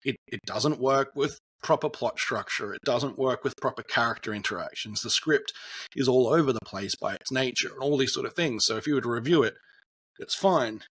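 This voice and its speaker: A man's voice: medium pitch, fairly quick, fairly bright tone, breathy edge. Chatty young man telling film trivia. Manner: rambling, storytelling, many fillers. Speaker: podcast co-host. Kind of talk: casual film chat.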